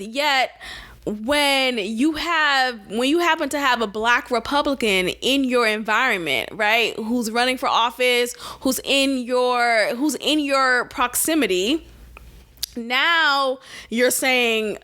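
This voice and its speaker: A young woman talks through a podcast segment in casual, animated commentary. Her voice sits high and sounds bright and forceful. She is sarcastic and laughs easily. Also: takes it slowly. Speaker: podcast co-host.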